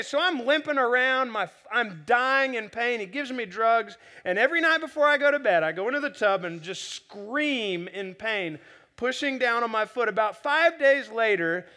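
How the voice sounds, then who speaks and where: A young man preaching in a chatty, animated way, often repeating words as he restarts sentences. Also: very high-pitched, moderate pace. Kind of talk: storytelling sermon.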